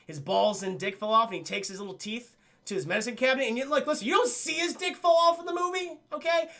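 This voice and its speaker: A young man casually recapping a film for his livestream chat, swearing freely and acting out the scenes in quick voices. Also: very high-pitched, fairly bright tone. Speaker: streamer reviewing a film.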